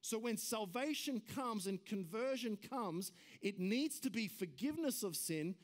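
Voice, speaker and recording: Australian male pastor, conversational sermon delivery, slightly higher pitch, falls quiet then builds emphasis. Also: lively intonation, measured pace. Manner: conversational preaching, drops low and quiet then rises emphatic; self-correcting restarts and asides.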